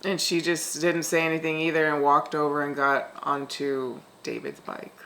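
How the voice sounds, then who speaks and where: A woman co-hosting a podcast, casually walking through a film's story scene by scene. She swears freely as she talks. Her voice is low. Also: flat delivery, normal speed, gravelly, fairly bright tone. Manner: summarizes the plot, swears freely. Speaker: podcast co-host. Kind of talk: casual chat.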